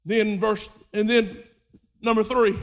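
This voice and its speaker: A man delivers a sermon in a strikingly high voice. He shifts from low, quiet explanation to loud, shouted exhortation. The sound carries a long reverb, as if from a large church hall. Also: level tone, takes it slowly. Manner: swings from low intimate talk to shouted preaching. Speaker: preacher.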